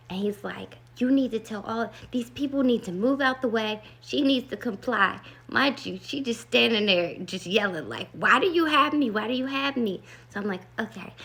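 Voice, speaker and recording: A woman's voice: medium pitch, creaky, sharp tone. A woman vlogger telling a rambling, earnest story about meditation and love, full of "like" and asides. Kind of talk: casual storytelling to camera.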